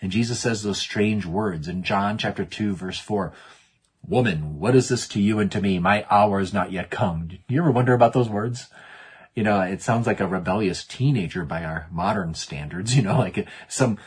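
A man's voice: fairly low pitch, moderate pace, husky. A man preaching a sermon in an earnest way, often repeating words as he restarts and acting out the quotes.

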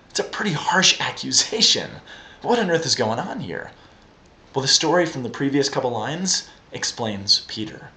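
A man delivering a sermon with animated storytelling, acting out each speaker's lines. His voice sits at an ordinary middle pitch. The room around him is echoey. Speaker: preacher.

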